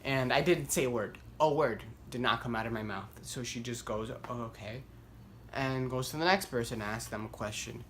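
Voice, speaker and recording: Young dude vlogging, rambly storytelling, says like constantly, gets worked up. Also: male voice, mid-range voice, normal speed, slight background noise. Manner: rambling, heavy use of "like", self-deprecating; animated, voice climbs when worked up. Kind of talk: casual storytelling to camera.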